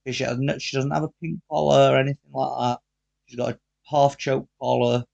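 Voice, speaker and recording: Gravelly man telling a story. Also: mid-range voice, a little fast, muffled recording. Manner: animated, acts out quoted dialogue, swears freely. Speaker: podcast co-host. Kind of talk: casual storytelling chat.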